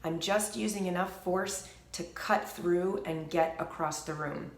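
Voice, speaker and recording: A woman vocal coach calmly explaining singing exercises during a lesson, speaking in measured steps between demonstrations. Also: on the low side, reverberant.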